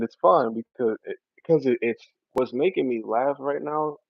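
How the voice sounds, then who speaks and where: A man's voice: mid-range voice, moderate pace, gravelly, no room sound. Laid-back slangy young man streaming. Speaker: streamer talking to his live chat. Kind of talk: casual live-stream chat. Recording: dry, slightly dull lo-fi audio.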